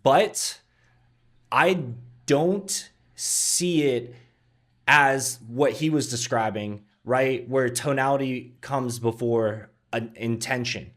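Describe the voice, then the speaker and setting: A man's voice: medium pitch, slow, fairly bright tone. A man reacting to a sales video, talking casually with many "right?"s and "um"s. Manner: leans on "right?" and frequent "um". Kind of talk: casual commentary.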